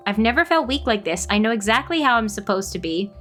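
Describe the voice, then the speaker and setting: A woman's voice: a little high, animated, quick pace, a bit bright, soft background music. A woman voicing a desperate young woman warrior who pleads emotionally about losing her strength. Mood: pleading.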